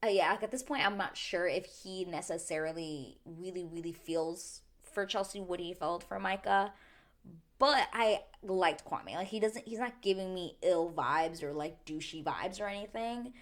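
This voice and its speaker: A young woman hosting a casual reality TV recap, chatty and animated, full of "like" and quick asides. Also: lowish voice. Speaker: recap show host.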